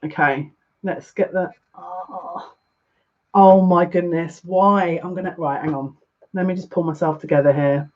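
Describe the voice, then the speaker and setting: A woman giving a live card reading as a psychic, gushing and excitable, easily overwhelmed with emotion. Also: lowish voice, a little slow, lo-fi sound.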